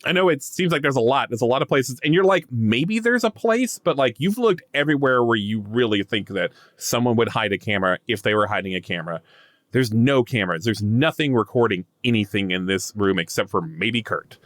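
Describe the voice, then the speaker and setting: A man's voice: lowish voice, brisk, no room sound, studio quality. A man narrating as game master of a comedy tabletop role-play, rambling with lots of fillers. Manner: animated, rambling with many fillers.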